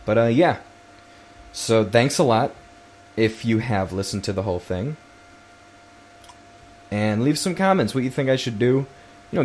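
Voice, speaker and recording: A man's voice: lowish voice, a little hiss or hum. A man hosting his first solo podcast, telling a rambling story full of swearing and restarts. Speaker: podcast host.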